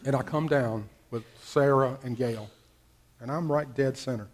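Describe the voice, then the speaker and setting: A middle-aged male pastor preaching a sermon, telling a personal story with wide swings between loud bursts and hushed, near-whispered passages. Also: medium pitch, normal speed.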